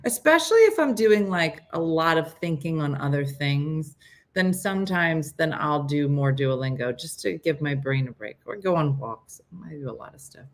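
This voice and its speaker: A middle-aged woman with a somewhat low voice hosts a relaxed morning live stream. She chats in a loose, rambling way and answers her viewers' comments as she goes. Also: moderate pace. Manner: chatty and rambling, reads viewer comments aloud. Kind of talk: casual chat with viewers.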